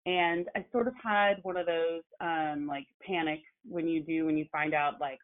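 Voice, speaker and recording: A woman, an actress and journalist, telling her story as a guest in a casual conversation, animated and full of fillers. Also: low-pitched, normal speed, hardly any pauses. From Oklahoma. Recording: phone-like narrow sound.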